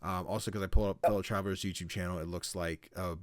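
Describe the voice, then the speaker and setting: Male podcast host, casual and animated, dry close-mic sound. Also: low voice, quick pace, no echo. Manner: animated, acts out voices, swears casually. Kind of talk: casual chat.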